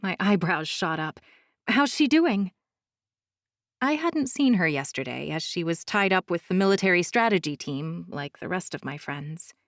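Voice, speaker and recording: Lady reading a fantasy romance audiobook, calm and soft, lowish voice, dry booth. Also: normal speed, hardly any pauses, no echo. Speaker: audiobook narrator. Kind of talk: first-person fantasy romance narration.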